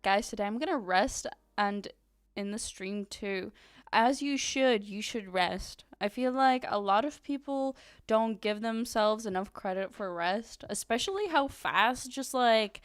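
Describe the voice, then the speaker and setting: A woman's voice: mid-range voice, clean tone, no echo, clean studio sound. Chatty, giggly woman streamer. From Ukraine. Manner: chatty and giggly, with many fillers. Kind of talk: casual chat while reading chat aloud.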